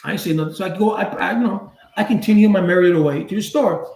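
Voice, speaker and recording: A channel host tells a personal story fast, casual and blunt with street slang, in a voice high for a man. Animated, he acts out other people's lines with big leaps upward in pitch, in a roomy, echoey room.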